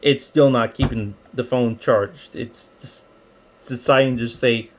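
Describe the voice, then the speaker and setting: A man's voice: mid-range voice, fairly even intonation, normal speed, background noise. A man giving a casual, rambling product review, explaining with many fillers and restarts. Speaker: tech reviewer.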